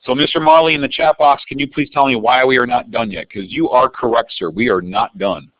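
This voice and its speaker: A man teaching math leads a live online algebra review, calling on students by name with an upbeat tone. His mid-range voice is sing-song and fairly quick, with vocal fry. The recording is dry, dull, and lo-fi.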